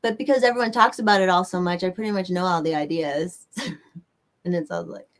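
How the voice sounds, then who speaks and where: A woman's voice: lowish voice, brisk. Chatty Southern American woman streaming. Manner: rambling, chatty, swears casually. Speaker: livestream host. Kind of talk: casual chat answering viewers.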